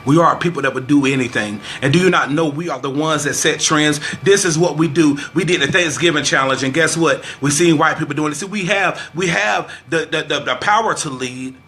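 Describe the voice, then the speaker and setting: A man's voice: fairly high pitch, a little fast, hardly any pauses, fairly bright tone, a little hiss or hum. A man delivering a fervent, preacher-style vlog rant, quoting scripture, repeating phrases for emphasis and saying openly how frustrated he is. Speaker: vlogger. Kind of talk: preachy social commentary vlog.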